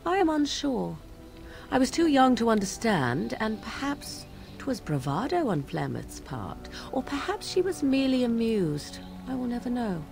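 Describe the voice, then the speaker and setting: A woman's voice: on the high side, big pitch swings, normal speed, creaky, a little mellow, faint music behind. Morrigan, a sardonic young witch. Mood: cool wry. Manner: archaic cool speech, wry amusement. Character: young witch woman, aloof, sardonic, mocking. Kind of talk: video game voice acting.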